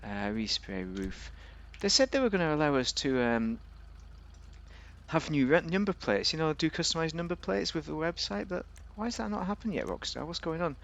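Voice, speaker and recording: A man's voice: fairly high pitch, very animated, normal speed, vocal fry, a bit bright, muffled recording. A man giving a casual, rambling, jokey commentary while reviewing a car in a video game.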